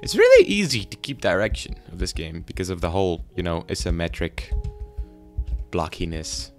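A man's voice: low-pitched, wildly swooping pitch, normal speed, soft background music. A man doing casual, rambling game commentary in a goofy, self-deprecating way, chatting to the animals on screen. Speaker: gaming YouTuber.

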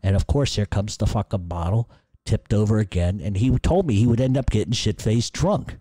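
A man's voice: fairly low pitch, darkish tone, no echo. A middle-aged man hosting a podcast, answering listener questions in casual, profane, rambling storytelling. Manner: profane, rambling, laughs at own stories.

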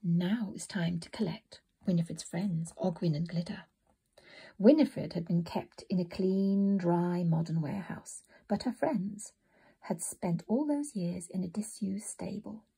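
Woman storybook narrator, soft whispery reading, gravelly, husky. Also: on the low side, unhurried.

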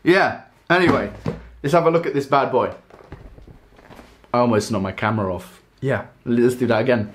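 A young man rambling excitedly while unboxing a coffee machine in a casual vlog. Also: medium pitch, normal speed, long pauses, background noise. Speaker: coffee vlogger.

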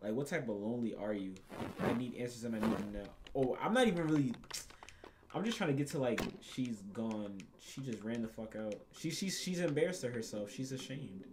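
Profane, excitable man reacting to a game. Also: mid-range voice, brisk, noisy background. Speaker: gaming channel host. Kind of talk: casual gameplay commentary.

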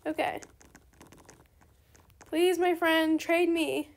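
A young woman giving chatty, excitable commentary on her own game trades, talking straight to her viewers. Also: high-pitched, takes it slowly, gravelly, pauses often, heavy background noise. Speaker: gaming video creator. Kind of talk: casual gameplay commentary.

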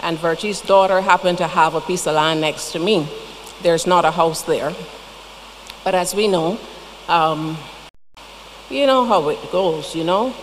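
Speaking in a lowish voice at a measured pace, with frequent pauses, a Barbadian woman gives a eulogy in church. She shares homespun stories and chatty asides, and the recording carries long church reverb and a little noise.

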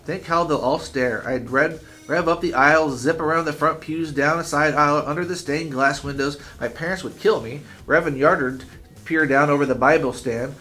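A man's voice: a little high, moderate pace, bright, forceful tone, faint music behind. A man reading a daydreaming boy. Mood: excited. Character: uneasy boy who daydreams aloud.

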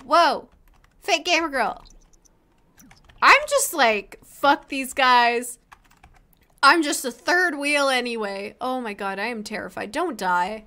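A woman's voice: sits high, pushed and bright. A woman hosting a casual let's play, commenting in a profane, exasperated, self-mocking way.

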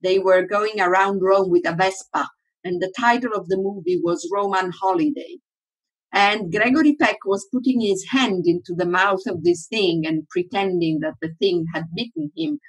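A woman's voice: mid-range voice, normal speed, slightly rough, poor audio. A woman giving a workshop lecture in English, her first language Italian, who often asks the audience questions and then answers them.

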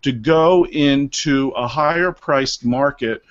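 A man's voice: medium pitch, takes it slowly. A middle-aged man from Maryland, a real estate broker, talking as a guest in an interview and acting out little asides as he tells stories. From Maryland, USA. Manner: lively, animated storytelling with acted-out asides. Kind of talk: interview over a live video call. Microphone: video call. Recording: slightly dull lo-fi video call audio.

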